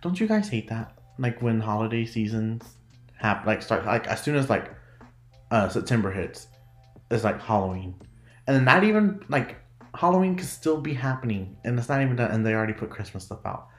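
A chatty podcast host from the United States talks in a loose, rambling way, often trailing off mid-thought and breaking into giggles. The pitch sits in a middle register but swings up and down with animated energy. The voice carries a noticeable room echo. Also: normal speed, faint music behind. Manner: rambling, giggly, self-interrupting. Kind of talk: casual solo podcast chat.

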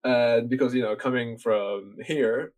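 Telling a story as a podcast guest, a young man from Norway chats casually and rambles, using lots of fillers and curses. He speaks unhurriedly in a mid-range voice, and the recording quality is low.

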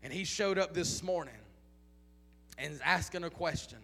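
A man's voice: fairly high pitch, moderate pace, gravelly, fairly bright tone, faint music behind. A man preaching a sermon in a church, repeating rhetorical questions and building to chanted intensity. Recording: long hall reverb.

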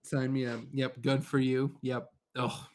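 A man's voice: medium pitch, completely flat delivery, unhurried, crowd noise. A man co-hosting a casual chat, joking, laughing often and swearing. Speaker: podcast co-host. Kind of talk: casual chat while playing music.

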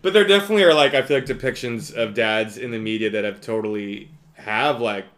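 A man's voice: lowish voice, a little fast, crowd noise. A man co-hosting a podcast, chatting casually and telling rambling stories with frequent laughter. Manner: rambling storyteller, laughs often, breaks into impressions. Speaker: podcast co-host. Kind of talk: casual chat.

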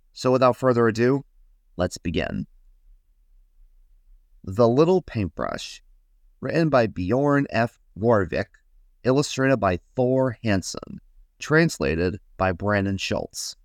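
A man hosting a podcast, reading a children's story aloud in a gentle, guiding way. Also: fairly low pitch, big pitch swings, creaky, dry recording, clean studio sound. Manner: gentle, slow, guiding listeners. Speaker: host and storyteller.

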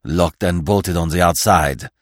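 Guy doing a sharp fussy old detective, low voice, clipped, bossy. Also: a little slow, dry recording, clean studio sound. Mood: urgent.

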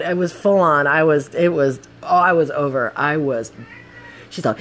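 A young woman telling a casual story full of swearing, acting out the shouting. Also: low-pitched, moderate pace. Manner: profane, animated, acts out the shouting.

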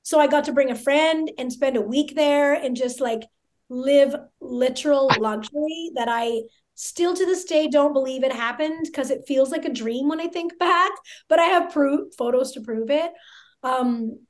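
This voice belongs to a woman in her thirties who sits for an interview and tells a story at a high pitch. She talks casually and excitably, and her sentences keep circling back through filler words. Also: normal speed. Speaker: podcast guest.

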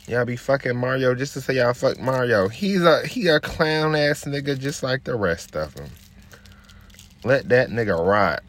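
A man in his twenties hosts a podcast and rants in a brash, profane, casual way, sounding animated and a bit bright at a normal speed with few pauses. While rolling a blunt, he drops into a low, laid-back murmur.

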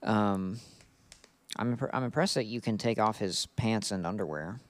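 A man's voice: lowish voice, moderate pace, no echo. Giggly man reading aloud, dry sound. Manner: giggly, breaks into laughter while reading. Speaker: podcast co-host. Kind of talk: casual chat, reading fan fiction aloud.

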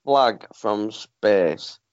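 A man with a lively, up-and-down voice chats on a podcast in a playful, jokey way, tossing out naive questions. He comes through a phone, so the sound is dull and lo-fi, though dry with no room echo. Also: on the low side, drawn-out words, clear, resonant tone. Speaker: guest. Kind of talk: casual podcast chat.

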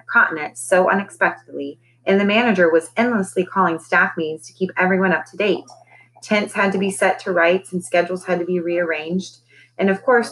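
A woman teacher reading a children's novel aloud to her class in a calm, steady storytelling voice. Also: lowish voice, a little hiss or hum, poor audio.

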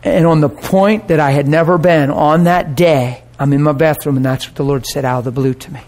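Animated man preaching a personal story. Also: on the high side, brisk. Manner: animated storyteller, acts out quoted voices, laughs and gets emotional. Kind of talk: sermon storytelling.

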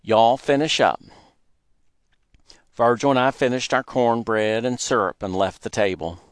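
A man narrating a childhood memoir story in a plain, unhurried way. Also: medium pitch, smooth, dry recording, clean studio sound.

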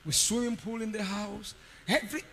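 A man preaching a sermon, telling a story with sudden shouts and quiet asides. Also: sits high, fairly even intonation, moderate pace, long reverb tail, slight background noise, rough recording. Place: conference hall.

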